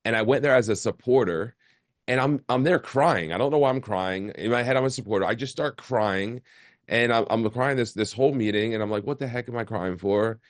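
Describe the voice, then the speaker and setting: A man's voice: mid-range voice, brisk, dry recording. A man in his forties, a podcast guest, telling his life story in a casual, candid way and often repeating words. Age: 40s. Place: remote call.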